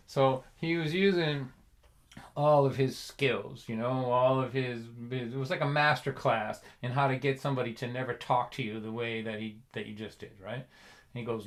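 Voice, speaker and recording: A man's voice: medium pitch, steady tone, normal speed. A man telling a comic story to a livestream audience, rambling along, chuckling and checking in with his listeners. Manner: rambling, chuckling, asks "you know what I mean". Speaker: folk singer and storyteller.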